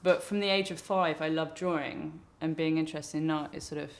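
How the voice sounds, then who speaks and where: A woman with a creaky, gravelly edge to her voice talks in a thoughtful, wandering way. She often restarts her sentences. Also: deep voice, fairly even intonation, a little fast. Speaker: interviewee, artist. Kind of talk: reflective interview talk.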